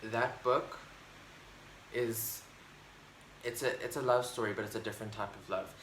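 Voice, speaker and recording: Sitting in a room at home by his bookshelf, this book vlogger rambles happily about his favorite books, peppering the casual chat with fillers and false starts. His voice is fairly low and a bit bright, steady in tone and unhurried. Echo fills the room, and faint noise sits in the background.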